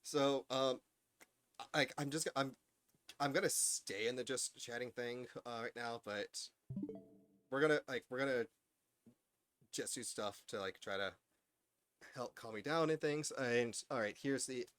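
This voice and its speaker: A man's voice: medium pitch, measured pace, pauses often, a bit bright, no room sound, soft background music. A worked-up man chatting on a live stream, rambling with stammering restarts. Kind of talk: casual live-stream chat.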